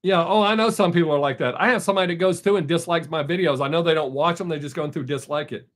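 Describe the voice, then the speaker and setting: A man's voice: a little high, quick pace. A man hosting a casual live stream, answering viewer comments in a blunt, opinionated way.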